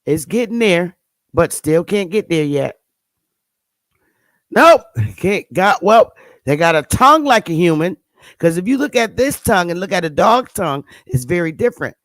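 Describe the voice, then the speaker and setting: A woman's voice: lowish voice, lively intonation, normal speed, dry recording. A woman hosting her channel, giving blunt, sarcastic casual commentary on pictures and scolding her viewers. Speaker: channel host.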